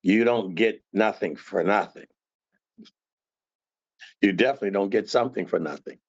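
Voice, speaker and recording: A man teaching scripture conversationally, animated and acting out tones of voice to make his points. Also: fairly low pitch, moderate pace, slightly rough, highs cut off. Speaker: Bible teacher.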